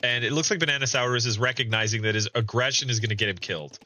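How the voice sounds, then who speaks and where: A man's voice: mid-range voice, racing, pushed and bright. A man streaming a community strategy game, casually commentating and reading out players' chat, often chuckling.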